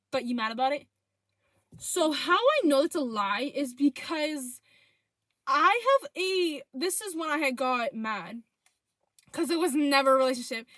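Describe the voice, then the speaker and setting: A young woman tells a storytime about her ex with plenty of swearing and lively retelling. Her voice sits fairly high. The sound is dry and close. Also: dry recording. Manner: profane, animated retelling of texts. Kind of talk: casual storytime vlog.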